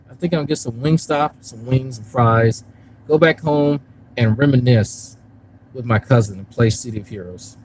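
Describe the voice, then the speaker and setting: During a casual live stream, a YouTube commentary streamer with a medium-pitched voice rambles and swears at his chat from a park before moving to a parked car. A little hiss or hum sits under the rough recording.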